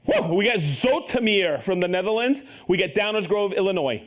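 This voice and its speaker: Brief: high, animated male host, upbeat and joking, calling out viewer shout-outs live. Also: normal speed. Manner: upbeat, reads viewer names and places, jokes and stumbles on pronunciations. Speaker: host of a live tool show.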